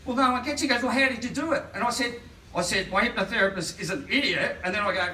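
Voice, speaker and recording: A man's voice: very high-pitched, fast, pushed and bright, a little hiss or hum. A man doing a rambling stand-up comedy set and laughing through his own punchlines, recorded live in a comedy venue. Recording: roomy live room, distant mic.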